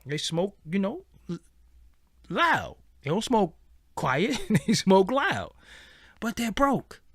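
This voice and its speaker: A man's voice: sits high, slow pace, slightly rough, no echo, clean studio sound. A man hosting his own show, talking blunt and profane in a casual commentary monologue. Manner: blunt, profane, animated storytelling. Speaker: show host.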